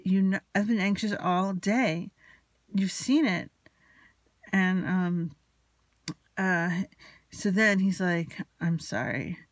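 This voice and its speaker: A woman's voice: mid-range voice, fairly even intonation, takes it slowly, long pauses, dry recording. A woman telling a personal story in an anxious, rambling, confessional way, still emotionally shaken. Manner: anxious, rambling, retelling a quarrel with quoted dialogue. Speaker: vlogger.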